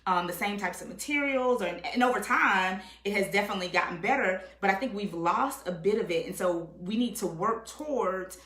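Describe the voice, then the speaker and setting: A woman guest in a casual conversation, talking in an animated way, acting out quotes and often checking in with "right?". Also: mid-range voice, brisk, few pauses, reverberant.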